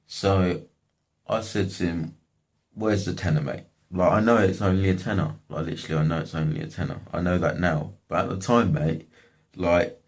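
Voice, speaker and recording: A man's voice: sits low, darkish tone. A young man casually telling a story from his life, slangy and swearing often. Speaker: vlogger.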